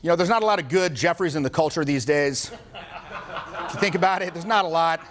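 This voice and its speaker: A man's voice: fairly high pitch, fast, a bit bright. A man in his forties, a social skills coach, giving a casual, joking seminar talk to a group, swearing freely and acting out what people say. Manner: casual, joking, swears often, acts out quotes.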